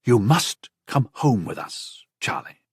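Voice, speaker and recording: A kindly older gentleman speaks slowly, drawing out each word, as a woman puts him on. The pitch rises and falls, and the tone is a little husky. It is a dry audiobook recording. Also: expressive, no echo, full character voice. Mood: beaming. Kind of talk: audiobook character voice.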